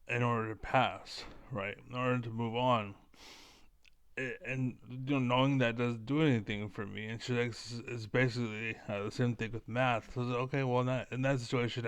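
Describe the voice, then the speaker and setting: A man talking casually to camera in a rambling, blunt and self-assured way, with a smooth voice. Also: mid-range voice, a bit bright, no echo. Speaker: online commentator.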